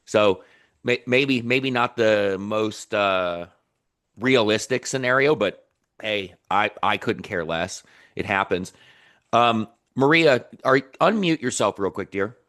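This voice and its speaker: Stammering, animated male phone coach. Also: on the low side. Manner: animated, stammering restarts, acts out lines. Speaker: sales call coach. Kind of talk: coaching feedback on a video call.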